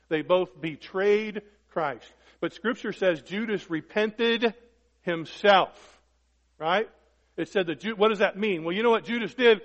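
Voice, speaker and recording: A man preaching a sermon emphatically, peppering it with rhetorical questions and swinging from loud to hushed. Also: fairly high pitch. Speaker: pastor. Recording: dull lo-fi recording with long hall reverb.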